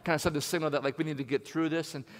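Animated storytelling preacher, man. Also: a little high, rapid-fire. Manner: animated, acts out voices. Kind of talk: storytelling sermon. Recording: long hall reverb.

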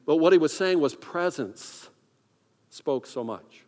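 A man's voice: mid-range voice, expressive, moderate pace, pauses often, a little mellow. A man, a pastor, telling a personal story in a sermon, conversational and self-deprecating, acting out his own inner thoughts. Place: church sanctuary. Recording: long reverb of a large hall.

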